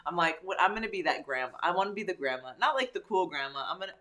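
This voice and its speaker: A woman in her thirties in casual, animated conversation, laughing often and slipping into playful quoted voices. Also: lowish voice, quick pace. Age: 30s. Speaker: guest. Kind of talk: casual chat.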